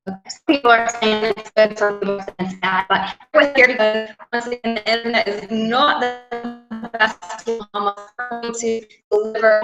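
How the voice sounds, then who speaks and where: A woman's voice: medium pitch, echoey room, poor audio. A woman co-hosting a live online sales webinar, upbeat and persuasive, repeating key points for emphasis. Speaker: webinar co-host.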